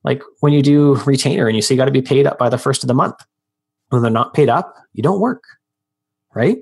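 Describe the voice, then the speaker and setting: A man's voice: mid-range voice, gravelly, darkish tone, breathy edge. A man in his thirties, a podcast guest, talking casually and telling stories with acted-out quotes. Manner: fast, storytelling with acted-out quotes. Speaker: guest, freelance business owner.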